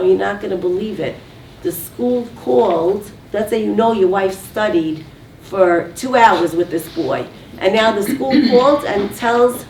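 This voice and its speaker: A woman's voice: mid-range voice, gravelly. A woman running a communication workshop, coaching a live audience and asking them to call out answers. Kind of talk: teaching to a group. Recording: echoey room from far off, faint background noise.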